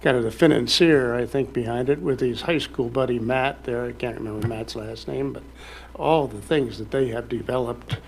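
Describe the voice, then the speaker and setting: Guy at a city council meeting, rambling folksy update, gravelly voice, faint room hum. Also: medium pitch, normal speed. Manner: rambling, folksy, many fillers and restarts.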